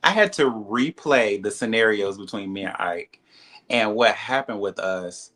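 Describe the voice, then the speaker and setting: A man with a bright, forceful voice tells his side of a reality-show falling-out in an interview. He talks in a loose, candid way, full of "like" and "you know," and acts out other people's lines. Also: unhurried. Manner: animated, acts out quoted dialogue in a higher voice; frequent "like" and "you know" fillers. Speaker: reality TV cast member, guest.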